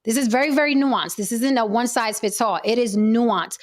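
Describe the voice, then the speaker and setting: A young adult woman hosting a heated panel discussion, firm and steady as she talks over interruptions to keep control. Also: a little high, normal speed. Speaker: panel show host.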